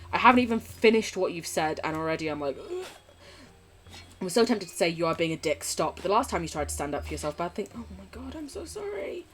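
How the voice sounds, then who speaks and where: A woman live streamer chatting casually with her viewers while gaming, swearing freely and gushing affection. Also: fairly high pitch.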